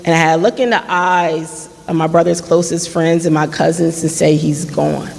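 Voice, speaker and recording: This forum speaker, late 30s, talks at normal speed in a mid-range, slightly mellow voice with vocal fry and fairly even intonation. Standing in a church hall, they earnestly retell their story and act out earlier conversations; the recording has long reverb plus a little hiss or hum.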